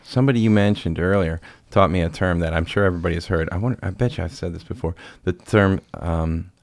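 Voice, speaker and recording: A man's voice: deep voice, fast talker, no room sound. A man hosting a podcast in casual chat, rambling and jokey, often laughing. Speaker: podcast host.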